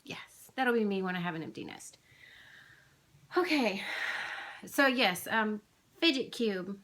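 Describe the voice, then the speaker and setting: A woman's voice: mid-range voice, animated, unhurried, fairly bright tone. A woman, rambling chattily with lots of fillers as she vlogs about her craft haul. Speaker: flosstube vlogger. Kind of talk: casual chatty haul video.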